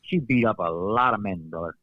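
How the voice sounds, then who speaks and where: A man's voice: lowish voice, fairly quick, no echo, phone-quality sound. A man, a former wrestler, telling stories in a casual interview, acting out quotes and laughing often. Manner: animated storyteller, acts out quotes, laughs often.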